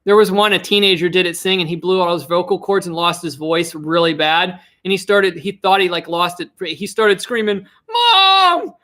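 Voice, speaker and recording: A man's voice: sits high, fairly even intonation, fairly quick, few pauses, sharp tone. A young man chatting casually on a live stream, rambling and restarting his sentences, with frequent laughs. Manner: rambling, self-interrupting, giggly.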